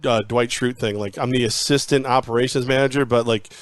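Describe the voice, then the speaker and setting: A man in his forties tells long, meandering stories from his radio career, often slipping into the voices of the people he quotes. His pitch sits at an ordinary middle for a man. The recording is dry and close, with no room sound. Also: steady tone, brisk, no echo. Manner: rambling anecdotes, acts out quoted dialogue. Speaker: guest, former sports radio host. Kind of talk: casual interview storytelling.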